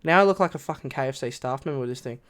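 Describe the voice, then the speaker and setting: A man in his twenties with an Australian accent, commenting on a game in an excitable, swearing way with loud laughs. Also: mid-range voice, racing, smooth. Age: 20s. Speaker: streamer. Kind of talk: casual gameplay commentary.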